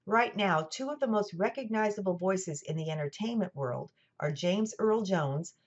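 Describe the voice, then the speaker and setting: A woman with a General American accent, giving a scripted lecture in a clear, measured way with dry asides. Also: mid-range voice, lively intonation. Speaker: college lecturer. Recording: dull lo-fi recording.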